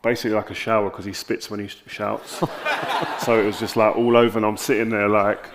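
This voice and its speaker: South London man, gravelly, fairly low-pitched; candid stage guest spinning animated anecdotes. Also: brisk, a crowd in the background. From South London, England. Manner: animated anecdotes with lively quoted dialogue. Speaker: interview guest.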